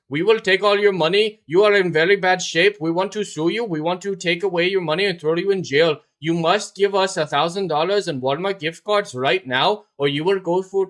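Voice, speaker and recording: A loud, bullying male scam caller with an Indian accent, put on by a man, barking threats and demands down a phone line. The voice is pitched well above his usual talk and sounds bright and forceful.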